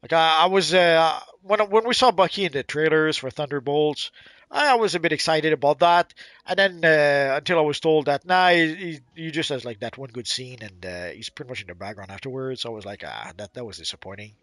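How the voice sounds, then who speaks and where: A man with a fairly high, bright voice co-hosts a game livestream, chatting casually in a dry recording with no echo. He's blunt and opinionated, speaking haltingly, often stumbling, repeating words and trailing off.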